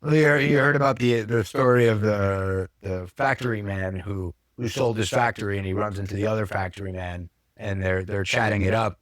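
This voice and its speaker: A man's voice: on the low side, brisk, dry recording, studio quality. Rambling, self-correcting male podcast host. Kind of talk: casual podcast chat.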